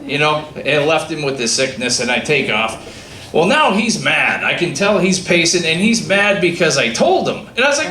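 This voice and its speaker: Animated man telling a comedy story. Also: fairly high pitch, moderate pace. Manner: animated storytelling with acted-out dialogue. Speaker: stand-up comedian. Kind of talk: stand-up comedy set. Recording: echoey room with faint ambient noise.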